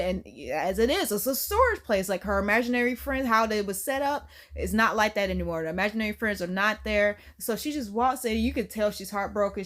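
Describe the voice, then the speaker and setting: A woman giving a casual, animated movie recap, chatty and slangy, often laughing. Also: mid-range voice. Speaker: YouTube film reviewer.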